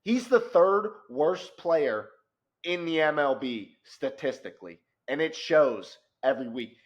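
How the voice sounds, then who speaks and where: Rozgorączkowany mężczyzna, głuchy dźwięk. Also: male voice, fairly high pitch, unhurried, highs cut off. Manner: animated, gets loud and worked up. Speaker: podcast co-host. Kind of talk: casual sports talk.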